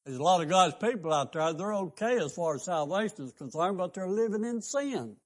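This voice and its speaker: An older man with a drawl delivers a radio sermon. His fairly high voice climbs on emphatic, repeated questions, and he talks in the fervent manner of a country preacher. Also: lively intonation, brisk. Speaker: pastor and radio host.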